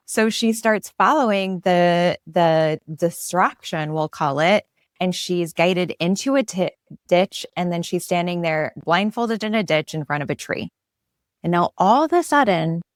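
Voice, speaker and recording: Animated woman host telling a story. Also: on the low side, no echo, studio quality. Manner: animated storyteller, acts out quotes. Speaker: podcast host. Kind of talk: casual interview chat.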